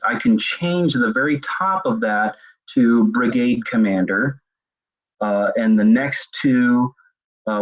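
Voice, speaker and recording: A middle-aged man gives a webinar lecture, talking it through casually and often restarting his phrases. His voice is husky and mid-pitched. The recording is dull and lo-fi. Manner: conversational, repeats words while thinking. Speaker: webinar presenter. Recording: dull lo-fi web seminar audio.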